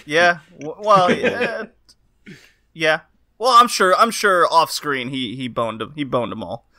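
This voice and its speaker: A man's voice: on the high side, measured pace, pushed and bright. A man hosting a casual podcast, emphatic and teasing. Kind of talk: casual chat.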